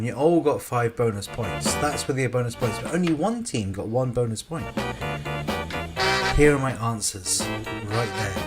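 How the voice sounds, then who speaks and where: A quiz host rambles through the scores with relaxed jokes. His voice sits mid-range for a man, with loud guitar music playing behind him. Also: medium pitch. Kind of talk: casual live quiz hosting.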